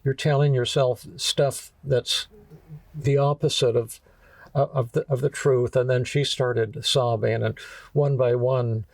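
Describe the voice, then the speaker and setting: A man's voice: medium pitch, flat delivery, gravelly, darkish tone, no echo, far from the mic. An older man, a psychiatrist, tells a story about a patient, stumbling and repeating words as he speaks. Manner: halting, repeats words often. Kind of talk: storytelling talk.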